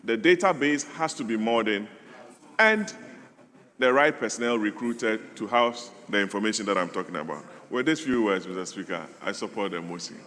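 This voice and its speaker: A man's voice: lowish voice, animated, moderate pace, fairly bright tone. Emphatic Ghanaian man in parliament. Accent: Ghanaian English. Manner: emphatic, formal. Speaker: member of parliament. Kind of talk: parliamentary debate speech. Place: large parliament chamber. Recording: reverberant parliament chamber.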